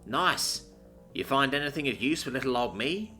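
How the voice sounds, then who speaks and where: A man's voice: medium pitch, expressive, normal speed, bright, forceful tone, faint music behind, voice pushed up. A man voicing a sultry, teasing female reptilian mechanic.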